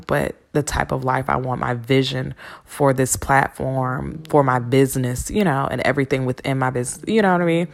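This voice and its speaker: Woman, low gravelly voice, solo podcast host, spiritual reader, frank, profane, casual storytelling. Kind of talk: candid solo podcast talk.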